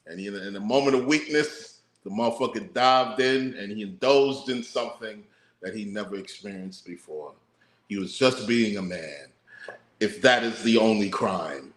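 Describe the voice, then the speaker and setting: A man's voice: lowish voice, normal speed. A man co-hosting a casual talk show, laying out his views in a laid-back, profane way. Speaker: podcast co-host. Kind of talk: casual chat. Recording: roomy echo.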